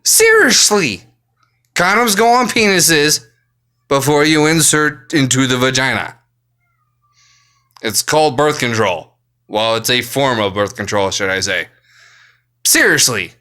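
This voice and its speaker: A man's voice: mid-range voice, measured pace, pauses often, sharp tone. A man ranting angrily to camera, swearing nonstop, exasperated and blunt. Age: adult, works full time. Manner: angry, swearing constantly, exasperated. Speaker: vlogger. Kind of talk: profane ranting monologue.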